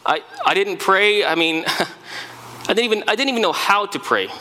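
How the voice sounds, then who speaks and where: A man's voice: high voice, lively intonation, moderate pace, pushed and bright, in a large hall, heavily acted, poor audio. A man playing an earnest male follower of Jesus who tells of the resurrection in a dramatic first-person sermon monologue. He repeats words as he gets stirred. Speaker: preacher in first-person character.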